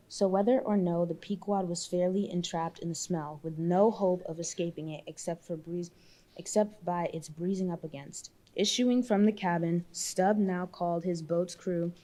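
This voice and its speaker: A woman reads a classic novel aloud at a public marathon reading. Her voice is mellow and sits a little low, and she often stumbles and backs up to restart a phrase. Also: normal speed. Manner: reads with frequent slips and restarts. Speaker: volunteer reader.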